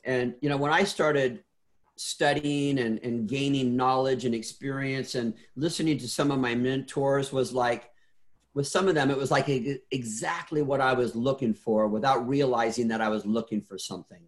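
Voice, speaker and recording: A man's voice: mid-range voice, fairly even intonation, moderate pace. A middle-aged man telling stories as an interview guest, earnest, often repeating and restarting words. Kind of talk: casual interview storytelling.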